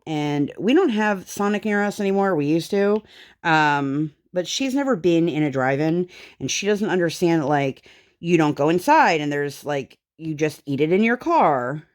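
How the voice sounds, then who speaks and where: Low-voiced woman rambling through a story. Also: animated, moderate pace. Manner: rambling storytelling, many fillers. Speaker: craft vlogger and mother. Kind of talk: casual chat while crafting.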